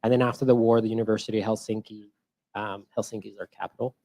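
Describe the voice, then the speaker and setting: A man from Finland on a conference panel, telling his background in a relaxed way with fillers. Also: lowish voice, fast talker. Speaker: panelist, founder. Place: conference stage.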